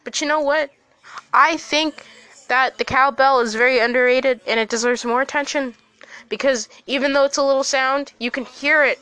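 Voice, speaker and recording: A young woman hosting a casual podcast chat, swearing often and laughing loudly. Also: high-pitched, fairly even intonation, normal speed, clean tone. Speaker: podcast host.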